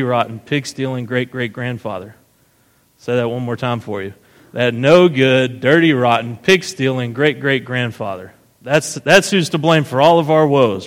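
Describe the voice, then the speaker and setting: A man giving a sermon as pastor, retelling a story casually and often asking "right?". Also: mid-range voice. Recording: long hall reverb.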